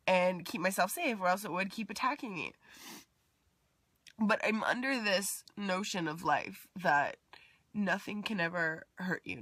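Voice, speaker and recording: Woman, personal vlog: rambling and heartfelt confession, slightly low pitch, bright edge. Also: no room sound. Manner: rambling and heartfelt, many fillers, drops to near-whisper at times. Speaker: vlogger.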